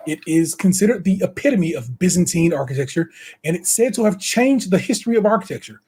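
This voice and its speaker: A man's voice: high-pitched, expressive, a little fast, mellow, slightly rough. A man co-hosting a podcast, running through notes in casual, slang-heavy banter and laughing often. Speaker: podcast co-host. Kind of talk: casual chat.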